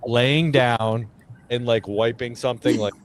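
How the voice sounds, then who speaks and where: A man with an ordinary, mid-range voice tells a rowdy story in a casual online chat. He swears freely and gets animated at the punchlines. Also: mid-range voice, measured pace, crowd noise. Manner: animated anecdotes, coarse language, laughs at own stories. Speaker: veteran guest.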